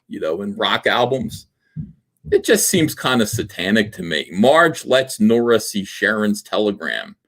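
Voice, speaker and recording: Male stream host, loose jokey rambler, full of "uh"s, very animated intonation. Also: medium pitch. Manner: rambling, jokey, filler-heavy. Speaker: livestream host. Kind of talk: casual livestream chat.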